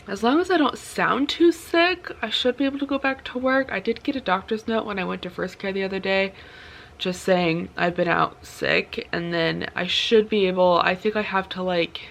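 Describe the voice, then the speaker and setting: A woman's voice: medium pitch, gravelly. A woman chatting in a casual book vlog, sick and short of breath, rambling with lots of fillers. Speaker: book vlogger.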